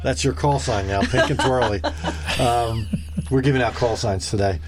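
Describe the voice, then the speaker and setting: This is a playful male radio co-host with a middle-pitched voice and faint noise behind him. He jokes his way through the interview, laughing often and now and then losing his thread. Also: moderate pace. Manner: jokey, playful, laughs often, loses his train of thought.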